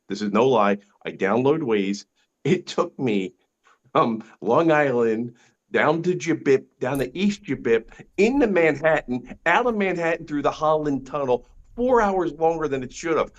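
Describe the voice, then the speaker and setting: A man's voice: fairly high pitch, expressive, unhurried, muffled recording. A middle-aged man doing a stand-up set from his dining room over a video call, chatty and punchy, with frequent stammering restarts. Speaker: stand-up comedian.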